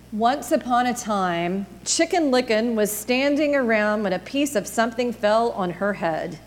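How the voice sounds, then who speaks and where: A woman pastor giving a children's sermon, reading a storybook in an animated, expressive way. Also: on the high side, big-room sound, slight background noise.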